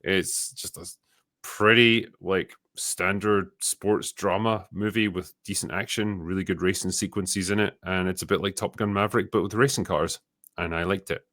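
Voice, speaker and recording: A man's voice: deep voice, fairly even intonation, normal speed, a bit bright, dry recording, studio quality. A man with a mild Scottish accent hosting a casual chat, reading out viewer questions and answering bluntly, swearing now and then. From Scotland. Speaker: show host reading superchats.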